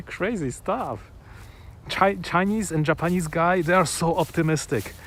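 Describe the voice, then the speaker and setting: A man's voice: fairly high pitch, fairly bright tone, a little hiss or hum. A man chatting casually and enthusiastically, rambling with restarts and small chuckles, outdoors on a sunny afternoon. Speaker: vlogger. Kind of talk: casual chat to camera.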